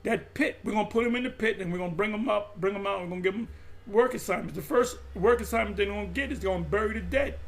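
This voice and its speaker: A man's voice: sits high, fast, gravelly. A man preaching in an impassioned monologue, emphatic and repetitive, often stumbling and restarting mid-phrase. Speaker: religious group teacher.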